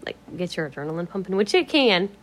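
A woman chatting on her home vlog in a loose, rambling way, cursing freely and laughing as she goes. Her voice sits a little low, and at times she drops to a whisper. A faint hiss of room noise runs behind her. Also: sing-song, fast. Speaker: vlogger. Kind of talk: casual rambling chat.

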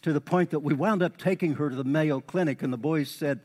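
A middle-aged male pastor preaching a sermon, his voice a touch higher than most men's. He talks in a folksy, conversational way, repeats key words for emphasis and rises into lively exhortation. A long reverb trails each phrase, as in a big church hall. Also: brisk. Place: church sanctuary.

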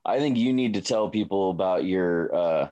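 A man's voice: deep voice, normal speed, dark tone, muffled recording. A man co-hosting a casual chat who prods his friend with teasing prompts, stumbling over fillers.

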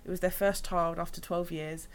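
A young woman chatting casually, telling her birth stories in a lively, storytelling manner. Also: fairly low pitch, normal speed, a little hiss or hum. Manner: chatty storytelling, animated when retelling. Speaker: new mother. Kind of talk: casual chat.

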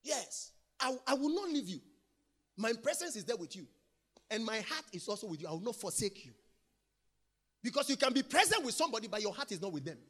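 A man preaching a sermon, emphatic and repetitive, swinging between loud declarations and quiet, intimate lines. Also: sits high, sing-song, a little fast, breathy edge. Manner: emphatic, repeats phrases, swings from loud to soft.

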